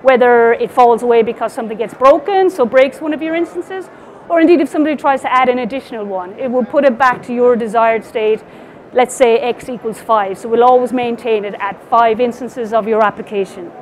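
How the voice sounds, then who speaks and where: An Irish woman with a high, light voice walks through a technical topic at a conference, talking to her slides. She explains things casually, with fillers and small restarts as she goes. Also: brisk, a little hiss or hum. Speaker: conference speaker.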